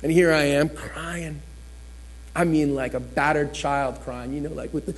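High-voiced man telling his testimony. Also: steady tone, a little slow, husky. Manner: storytelling, acts out quotes with shifting voice. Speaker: guest speaker giving testimony. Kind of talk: personal testimony in church.

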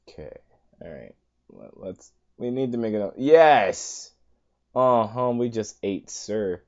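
A man giving let's play commentary on a game, talking to the screen, coaxing and pleading over and over, with sudden high exasperated outbursts. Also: expressive, slow, muffled recording. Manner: talks to the game, pleading and coaxing with lots of repetition; exasperated outbursts, voice jumping high when upset. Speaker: gaming channel host.

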